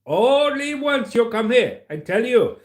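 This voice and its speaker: A man's voice: very high voice, big pitch swings, a little slow, voice pushed up, heavily acted. A man putting on a singsong market trader with an Indian accent. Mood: boastful. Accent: put-on Indian accent. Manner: singsong, bold, repeating his calls. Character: loud, cheerful male market trader hawking cheap fish.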